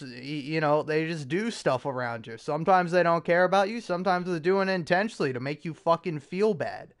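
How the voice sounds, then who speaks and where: Young male podcast host, casual chat, swearing and self-mocking, slightly high, smooth voice. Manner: rambling, profane, self-mocking storytelling with frequent restarts.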